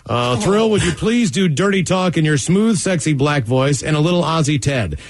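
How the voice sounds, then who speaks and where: Man, comedy radio host, reads listener mail, lively pitch, slightly high. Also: normal speed, no echo. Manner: laughs often, mimics listeners' voices. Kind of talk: reading listener emails on air.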